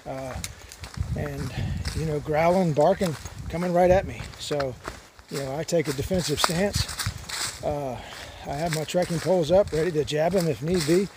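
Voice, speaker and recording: A fairly high-pitched man at a moderate pace vlogs outdoors on a mountain hiking trail as a long-distance hiker. He chats casually and rambles, leaning on "uh" often, while outdoor noise sits behind the recording.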